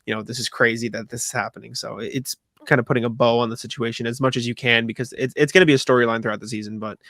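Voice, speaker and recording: A man's voice: medium pitch, fairly even intonation, very fast, fairly bright tone, no echo, clean studio sound. A man co-hosting a sports podcast in casual chat, talking loosely with lots of fillers. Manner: loose, filler-heavy delivery. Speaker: podcast co-host.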